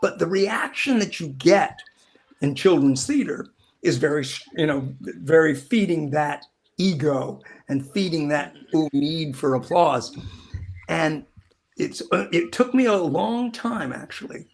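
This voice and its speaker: A middle-aged man talks freely as an interview guest, rambling through stories. His voice sits a bit high for a man, and he slips into other voices whenever he quotes someone. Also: measured pace, creaky. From Southern California. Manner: rambling, animated, acts out quotes. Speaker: actor guest. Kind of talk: casual interview storytelling.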